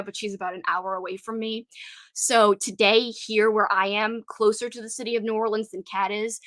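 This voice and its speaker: Giggly young cajun woman chatting on her stream, kinda high voice, dry close mic. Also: a bit bright, no echo. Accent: Cajun Louisiana. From Louisiana. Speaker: livestream host. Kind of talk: casual livestream chat.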